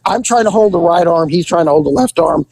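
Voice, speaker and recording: A middle-aged man telling a story in casual chat, acting out voices with big jumps in pitch. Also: lively intonation, quick pace, creaky, a little mellow, dry recording, poor audio.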